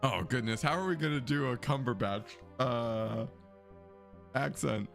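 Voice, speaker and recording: A man casually commenting on a mystery game while reading its text aloud, animated and excitable, laughing often and talking to his chat. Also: mid-range voice, a little slow, gravelly, faint music behind. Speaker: let's play streamer.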